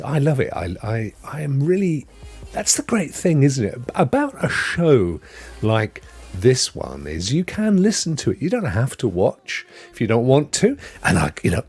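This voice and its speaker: A middle-aged man runs a casual live stream, greeting viewers by name and wandering into rambling asides. His pitch is animated and moves a lot. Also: slightly rough. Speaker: livestream host.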